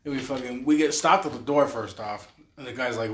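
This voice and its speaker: A man from Utah telling a road story in a casual chat, profane and animated, acting out what people said. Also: mid-range voice, brisk. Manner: profane, animated storyteller who acts out quotes. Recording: roomy echoey room.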